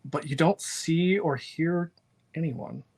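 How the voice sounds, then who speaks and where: A game master narrating a superhero tabletop game, laughing often and pausing with fillers while describing scenes. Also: mid-range voice, a little mellow, breathy edge.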